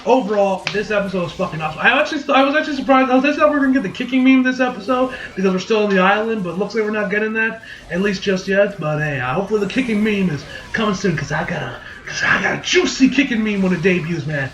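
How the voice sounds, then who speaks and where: A man's voice: high voice, racing, roomy sound, slight background noise. A man recapping and reviewing an anime episode in a casual, rambling, profane way, acting out lines in goofy voices. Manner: rambling, profane, acts out quotes in animated voices.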